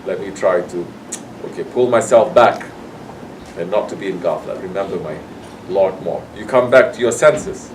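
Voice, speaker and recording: A man's voice: low-pitched, normal speed, recorded from a distance, a little hiss or hum, rough recording. A man giving a sermon to his congregation, scolding and acting out people's excuses. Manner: admonishing, acts out quoted excuses. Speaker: sufi sheikh.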